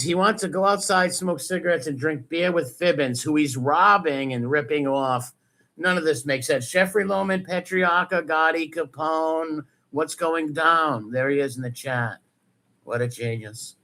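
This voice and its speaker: Man, mocking live-stream host, sarcastic, swears a lot, fairly high voice. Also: measured pace, sharp tone. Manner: sarcastic, profane, laughs often. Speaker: host reacting to clips. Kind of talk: casual mocking commentary.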